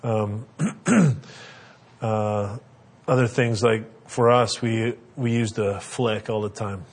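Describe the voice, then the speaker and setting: A man's voice: fairly low pitch, fairly even intonation, takes it slowly, slightly rough. A middle-aged man giving earnest, conversational parenting advice with frequent fillers. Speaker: parenting speaker. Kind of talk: instructional talk.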